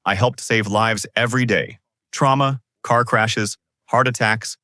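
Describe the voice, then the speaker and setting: A man's voice: on the low side, steady tone, unhurried, bright, forceful tone, no room sound, clean studio sound. A man voicing a devoted female emergency-room nurse who speaks earnestly.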